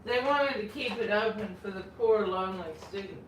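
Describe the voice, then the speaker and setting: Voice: mid-range voice, fairly quick. Rambling host in an echoey room. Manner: rambling, self-correcting. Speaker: channel host. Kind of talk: casual chat. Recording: roomy, distant, faint noise.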